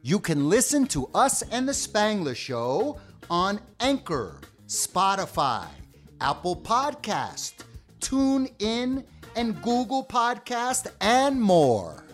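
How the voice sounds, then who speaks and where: A man's voice: sits high, huge pitch swings, slow pace, faint music behind. Chatty American podcast co-host man. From United States. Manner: rambling, full of fillers and restarts. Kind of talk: casual bilingual podcast chat.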